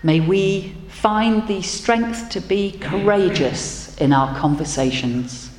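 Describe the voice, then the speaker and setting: A woman minister giving a gentle, reflective sermon and leading prayer. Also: mid-range voice, slow, a little hiss or hum. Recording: roomy hall with faint ambience.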